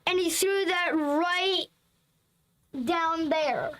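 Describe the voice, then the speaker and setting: A woman's voice: very high voice, fairly even intonation, extremely slow, a bit bright. A female student chatting eagerly in a home lesson, often jumping in mid-sentence. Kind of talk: casual chat in a home lesson.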